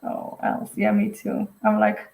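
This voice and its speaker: A woman's voice: mid-range voice, lively intonation, a little slow, vocal fry, a little mellow, roomy sound, low-quality recording. A woman giving a live intuitive card reading, rambling and heartfelt, full of fillers. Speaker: intuitive medium. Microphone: webcam or phone on a live stream.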